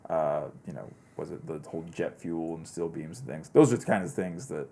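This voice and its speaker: A man's voice: extremely low pitch, brisk, vocal fry, dark tone. A man as a podcast guest, talking in a loose, meandering conversational way. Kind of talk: casual conversation.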